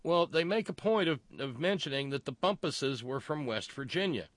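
Sardonic, lively-voiced male host. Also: on the high side, moderate pace, no room sound. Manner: sardonic, animated storyteller. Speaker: talk show host. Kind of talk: casual radio banter.

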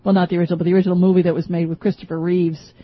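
A woman's voice: fairly low pitch, little pitch movement, no echo. A woman from Maine hosts a talk radio show, bantering casually with a loose, joking, aside-heavy delivery. The sound is dry and a little muffled, like an older radio broadcast. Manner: chatty, joking, quick asides and laughs. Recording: dull, slightly lo-fi radio broadcast.

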